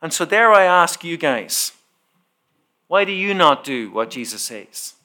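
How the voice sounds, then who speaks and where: Bright-voiced preacher telling a story. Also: male voice, on the high side, measured pace. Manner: animated storyteller who acts out the dialogue. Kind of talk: sermon storytelling.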